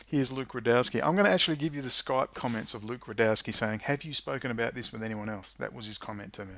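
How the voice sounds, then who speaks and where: A man with a medium-pitched voice and vocal fry rants fast with few pauses, his tone a bit bright. He's a political commentary YouTuber giving an angry, sarcastic monologue to camera and swearing freely.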